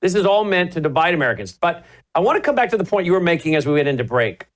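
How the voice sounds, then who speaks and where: A man hosting a radio and TV talk show, emphatic and quick to laugh. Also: a little high, very animated. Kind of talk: animated talk show banter.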